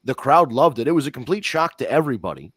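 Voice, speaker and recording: A man's voice: medium pitch, big pitch swings, fast, a bit bright, slightly rough, no room sound. A man talks shop on a wrestling podcast in a blunt, rambling way, swearing as he goes. His voice sits in a middle range. The sound is close and dry, with no room around it. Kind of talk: casual wrestling talk.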